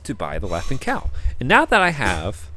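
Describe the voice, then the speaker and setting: A man's voice: mid-range voice, wildly swooping pitch, normal speed, bright, forceful tone, a little hiss or hum. A man chatting casually in a vlog, hesitant and rambling with many fillers as he reads web pages aloud. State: hiccuping. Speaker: vlogger.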